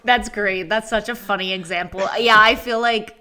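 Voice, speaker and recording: A woman's voice: mid-range voice, fairly even intonation, moderate pace, pushed and bright, slight background noise. A woman hosting a podcast interview, chatting in a bubbly, agreeable way with lots of "like" and "yeah". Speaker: podcast host. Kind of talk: casual interview chat.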